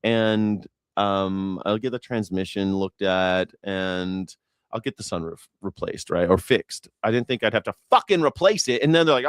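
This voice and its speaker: A man's voice: lowish voice, normal speed, smooth, dry recording, clean studio sound. Rambling, profane male streamer. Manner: rambling, profane, jokey storytelling with acted-out quotes. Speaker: independent news and culture commentator. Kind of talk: casual livestream commentary.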